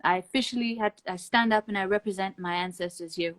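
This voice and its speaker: A woman's voice: medium pitch, quick pace, a bit bright. A woman speaks as a guest in a loose live-stream conversation. Her talk is blunt and emphatic, with free swearing. She laughs between her points. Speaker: interview guest.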